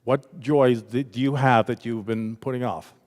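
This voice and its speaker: Male workshop leader, middle pitch, casual and animated, recorded with long church-hall reverb. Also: normal speed. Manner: lively, conversational, acts out quoted voices. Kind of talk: interactive spiritual workshop talk.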